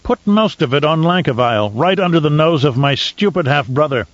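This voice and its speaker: A man's voice: fairly high pitch, lively intonation, a little fast, no echo, highs cut off, pitched above the performer's own voice. A man voicing a raging, scornful Baron. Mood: blustering. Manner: loud, blustering, spiteful. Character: raging, vain, cruel male Baron.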